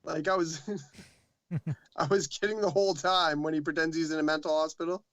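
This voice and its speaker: A hesitant man with a slightly high voice, talking in a casual video-call chat. He halts often and fills his pauses with filler words. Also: steady tone, fairly bright tone. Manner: hesitant, halting, many fillers.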